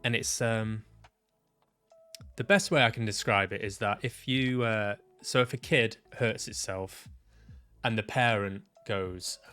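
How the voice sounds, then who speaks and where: A man vlogging about his own experience, reflective and halting, often restarting his sentences and swearing casually. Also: fairly low pitch, bright, forceful tone, clean tone, soft background music. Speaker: vlogger sharing personal experience. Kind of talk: reflective personal vlog monologue.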